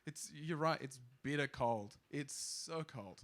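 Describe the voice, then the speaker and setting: A man's voice: mid-range voice, takes it slowly, fairly bright tone. A young Australian man from Queensland telling a rambling, self-deprecating stand-up story with lots of fillers. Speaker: stand-up comedian.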